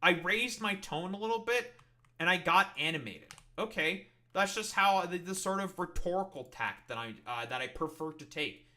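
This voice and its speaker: Male streamer, fairly high and very bright, cutting voice; swears freely, sarcastic and exasperated. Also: lively intonation, moderate pace. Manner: profane, sarcastic, exasperated ranting. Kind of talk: heated livestream rant at chat.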